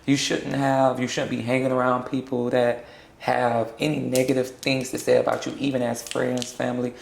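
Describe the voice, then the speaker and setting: A young trans woman from South Florida speaking in a candid sit-down interview, blunt and sassy and quick to laugh. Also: very deep voice, level tone, vocal fry, a little mellow, echoey room. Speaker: interview guest.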